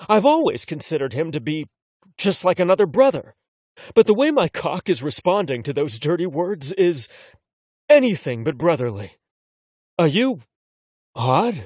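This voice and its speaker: A man's voice: high voice, a little mellow, dry recording. A man narrating a first-person romance audiobook in a wry, conversational way.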